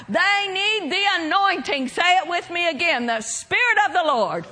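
A woman preaching a sermon, swinging between loud shouted lines and soft hushed ones. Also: extremely high pitch, big pitch swings, normal speed, hardly any pauses.

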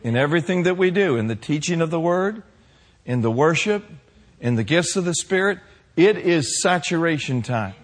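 A man preaching a sermon to his congregation, building to shouted passages and calling for responses. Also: fairly high pitch, expressive, moderate pace. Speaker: pastor.

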